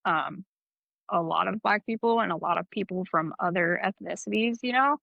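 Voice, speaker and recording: A woman's voice: fairly low pitch, normal speed, vocal fry, no room sound. A young adult woman co-hosting a podcast and telling a candid, profane story in casual chat. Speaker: podcast co-host. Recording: slightly dull, dry sound.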